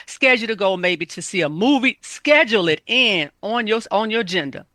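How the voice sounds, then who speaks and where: A woman's voice: medium pitch, expressive, a little fast, fairly bright tone, no echo. A woman health coach giving casual, emphatic self-care advice, repeating her points.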